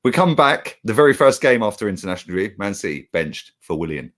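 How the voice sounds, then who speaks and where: Animated man ranting about football. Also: fairly low pitch, quick pace. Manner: animated, heated, swears, slangy. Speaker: football fan channel co-host. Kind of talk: casual football chat.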